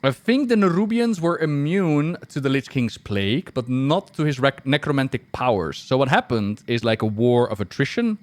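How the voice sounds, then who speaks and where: A man chatting casually while streaming a game, animated and laughing often. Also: mid-range voice, moderate pace, few pauses, no room sound.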